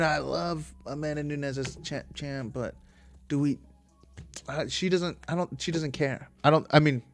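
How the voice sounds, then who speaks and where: A man hosting a casual solo podcast, rambling from tangent to tangent and swearing freely. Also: medium pitch. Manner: rambling, profane, digressive. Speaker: podcast host.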